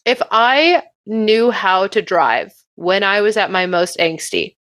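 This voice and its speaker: A woman's voice: medium pitch, lively intonation, slow, fairly bright tone, no echo. A young adult woman co-hosting a podcast, reacting with blunt jokes and swearing. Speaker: podcast co-host. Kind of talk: casual banter.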